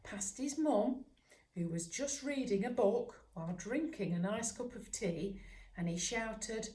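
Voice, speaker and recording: A woman, a children's author, reading a bedtime story at home in a gentle, soothing manner that sometimes drops to a whisper. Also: medium pitch, unhurried. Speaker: children's author and dog trainer. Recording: roomy echo.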